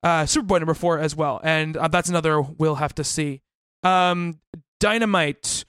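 A man's voice: fairly high pitch, steady tone, moderate pace, fairly bright tone, smooth, dry recording. A man co-hosting a casual podcast chat, reading off a release list and laughing often. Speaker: podcast co-host.

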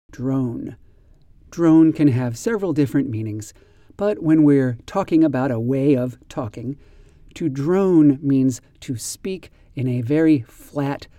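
A man teaching an English vocabulary lesson, spelling each word slowly and acting out examples. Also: fairly high pitch, mellow, dry recording.

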